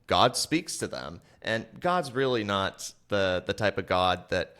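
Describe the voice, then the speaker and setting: A chatty man co-hosting a relaxed podcast about a film. His voice sits on the low side, and he talks into a podcast mic. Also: unhurried, clear, resonant tone. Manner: chatty, acts out quoted lines in jumped-up voices. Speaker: podcast co-host. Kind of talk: casual film discussion podcast.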